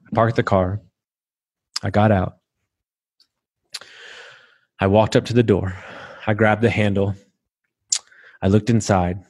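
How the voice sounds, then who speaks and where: Man, 30s, low-pitched, dry close recording, halting, profane, candid storytelling. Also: a little mellow, slightly rough, dry recording. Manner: rambling, halting, swears freely. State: emotional at times. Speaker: podcast host sharing his story.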